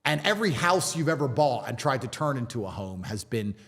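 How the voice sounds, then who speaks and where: A man's voice: mid-range voice, very animated, a little fast, fairly bright tone, big-room sound. A man from England, a guest talking with emphatic, repetitive rhetoric in a podcast conversation. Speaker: interview guest.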